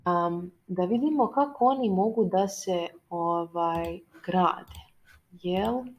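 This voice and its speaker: A woman's voice: lowish voice, slow, a little hiss or hum, rough recording. A woman explaining English grammar as a teacher, hesitant and full of fillers as she reads a text aloud. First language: Serbian. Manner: hesitant, many fillers, switches between languages.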